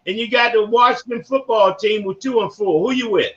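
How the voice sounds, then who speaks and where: An older man from Baltimore with a high voice talks a little fast as a podcast host in a casual sports conversation. His storytelling rambles and is animated and full of slang, and the recording is dull and lo-fi.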